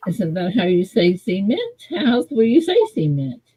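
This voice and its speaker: Woman, live-show host, lively playful banter, slightly breathy voice. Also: on the low side, moderate pace, dry recording, poor audio. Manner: laughing, playfully defensive banter. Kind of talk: casual live-stream chat.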